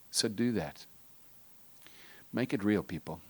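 Lowish-voiced pastor preaching conversationally. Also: male voice, expressive, slow, pauses often, breathy edge. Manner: conversational, jokey asides, drops to hushed intensity. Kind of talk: sermon.

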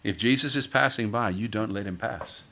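A middle-aged male pastor preaching a sermon, acting out quoted voices and building to loud, forceful peaks. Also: lowish voice, moderate pace. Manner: dramatic, acts out quoted voices, rises to shouting peaks.

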